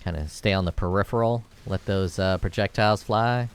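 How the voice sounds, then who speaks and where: A man with a low, smooth voice talks his way through a video game in a loose, rambling way. He thinks aloud, drifts into jokes and swears now and then. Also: fairly quick. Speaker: gameplay video creator. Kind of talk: casual gameplay commentary.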